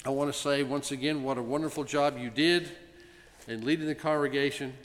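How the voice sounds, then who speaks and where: A man of middle pitch addressing a congregation as its president, speaking ceremonially but slipping in gentle jokes between pauses. His voice carries a long reverb from the large sanctuary. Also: steady tone. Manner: warm, gently joking, with frequent pauses. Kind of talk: ceremonial presentation speech. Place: synagogue sanctuary.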